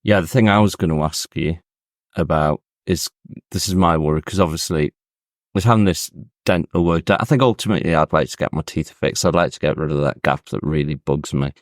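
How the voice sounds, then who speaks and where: A man co-hosting a podcast, blunt and teasing, swearing casually in relaxed chat. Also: a bass voice, a little fast, dry recording, studio quality. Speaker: podcast co-host.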